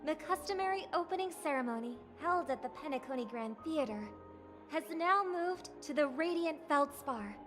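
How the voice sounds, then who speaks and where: Formal game festival host, high voice, slow stately welcome speech. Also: female voice, lively intonation, over music. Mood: ceremonious. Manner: ceremonious, measured address. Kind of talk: game voice acting.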